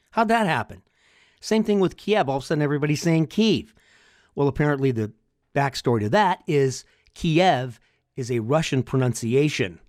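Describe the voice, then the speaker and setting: A man's voice: mid-range voice, darkish tone, no room sound, clean studio sound. An older man hosting a podcast, talking alone in a chatty, wry way full of rambling asides. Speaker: podcast host. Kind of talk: solo podcast monologue.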